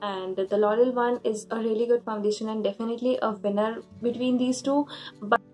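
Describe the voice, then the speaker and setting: A woman's voice: a little high, steady tone, a little fast, a little mellow, soft background music. A woman in a makeup review vlog, explaining her results in an earnest way with small restarts. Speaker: beauty vlogger.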